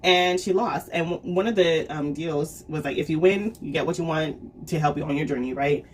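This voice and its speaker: A woman's voice: sits low, moderate pace, a little hiss or hum. A woman casually reviewing a comic series, chatty and full of fillers, often laughing and acting out quotes. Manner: chatty storytelling full of "um", "like" and "right?".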